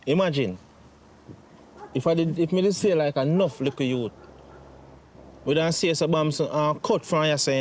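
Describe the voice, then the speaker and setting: A man's voice: on the high side, natural voice. A man with a Jamaican accent, playing a grown son in a comedy skit who pleads with his mother about his money. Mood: reproachful. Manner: pleading, emotional.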